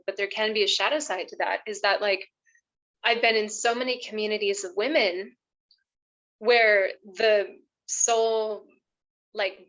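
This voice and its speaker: A woman's voice: mid-range voice, a bit bright, lo-fi sound. A woman love coach, a podcast guest, talking earnestly in a casual conversation, emotional and choking up a little, with many fillers.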